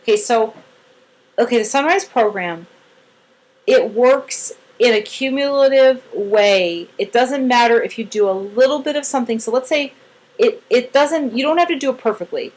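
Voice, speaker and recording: A fairly high-voiced woman coaching a newcomer in a relaxed one-on-one session. She talks in a chatty, hands-on way and acts out examples as she explains. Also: moderate pace, rough recording. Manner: chatty and demonstrative, acting out examples. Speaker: trainer coaching a new therapy team member. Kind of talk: casual one-on-one training.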